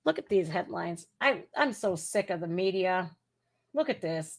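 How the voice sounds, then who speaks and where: A woman hosting a casual news commentary podcast, blunt, crude and sarcastic, swinging between loud outbursts and muttering. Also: fairly low pitch, animated, unhurried. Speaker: podcast host.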